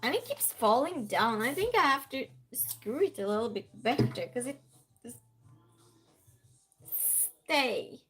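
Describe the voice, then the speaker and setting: A woman with a high, light voice speaks at a slow, easy pace. She hosts a casual live-stream game night, chatting, laughing often and greeting each viewer by name. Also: very animated, a bit bright, slightly rough. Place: at home by a desk lamp.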